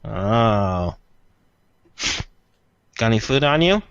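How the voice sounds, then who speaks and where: A man's voice: fairly low pitch, big pitch swings, extremely slow, dry recording, highs cut off, voice pushed down, heavily acted. A man doing a grumpy beaked creature. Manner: gruff and grabby. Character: cranky birdlike creature, only a beak.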